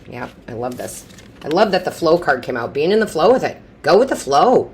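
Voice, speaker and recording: A woman's voice: deep voice, big pitch swings, fairly quick, background noise. A woman giving an intuitive tarot reading in a chatty, reassuring way, repeating phrases for emphasis and often restarting mid-sentence. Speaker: tarot reader.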